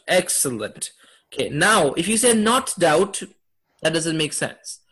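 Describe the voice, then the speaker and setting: A man with a fairly high voice teaches a class on Quranic Arabic. He keeps quizzing his students and laughs often as he goes. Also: very animated, a little slow, fairly bright tone, husky. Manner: asks students questions, upbeat with laughs. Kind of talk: classroom lesson.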